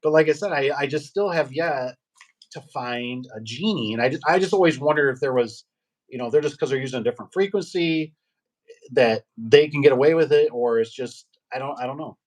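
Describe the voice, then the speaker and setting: A middle-aged man, a garage door business owner, chatting casually and telling rambling, animated stories with acted-out quotes. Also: medium pitch, fairly quick. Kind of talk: casual storytelling chat.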